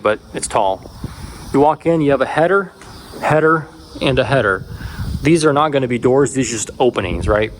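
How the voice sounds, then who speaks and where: Male home builder, mid-range voice, casual rambling vlog delivery, on site in an unfinished house, faint background noise. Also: mid-range voice. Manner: casual, rambling, restarts, animated when retelling. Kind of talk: walkthrough vlog. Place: house under construction.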